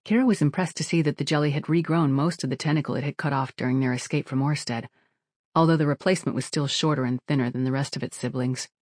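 An audiobook narrator reads a script quickly in a steady, even voice at a middling pitch. The recording is close and entirely dry, with no room sound around it.

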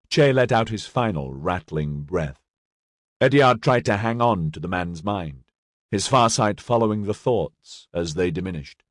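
A man reading scripted narration of a novel in a measured, dramatic way. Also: deep voice, lively intonation, dry recording, clean studio sound. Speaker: audiobook narrator.

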